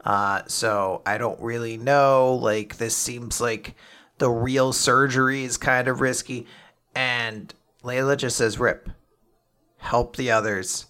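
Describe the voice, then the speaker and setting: A podcast co-host casually recapping a manga chapter, rambling with quick asides and laughter. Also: medium pitch, fairly even intonation, fairly bright tone, clean tone.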